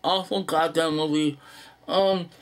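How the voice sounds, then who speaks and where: A young man casually running through a list in an unedited video, blunt and profane, with sighs and halting fillers. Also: on the high side, steady tone. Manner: blunt, profane, dismissive opinions. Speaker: movie vlogger.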